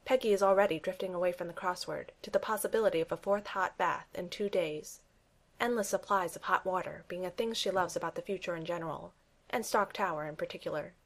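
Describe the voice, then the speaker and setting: Woman, story reader, steady, wry, somewhat low voice. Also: quick pace. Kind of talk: story reading.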